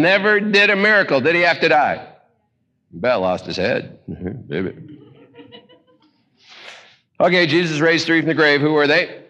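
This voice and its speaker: A man preaching a folksy, joking sermon, telling stories in an animated way. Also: high voice, moderate pace, pauses often. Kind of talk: comedic sermon. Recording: echoey hall.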